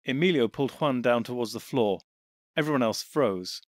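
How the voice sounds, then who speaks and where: A man narrating an audiobook in an even, steady storytelling voice on a close mic. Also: mid-range voice, moderate pace, no echo.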